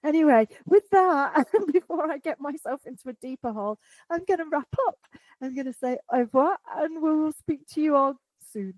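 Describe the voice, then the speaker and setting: A woman's voice: high voice, moderate pace, a little mellow, dry recording, low-quality recording. A woman co-hosting a podcast in casual chat, chatty and self-mocking, laughing often. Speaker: podcast co-host.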